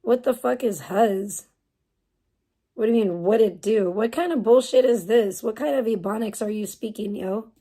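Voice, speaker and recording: Talking to her livestream chat, a young woman from the United States speaks at normal speed in a fairly high voice with a dark, slightly rough tone. She's casual and profane, answering viewers with bemused exasperation.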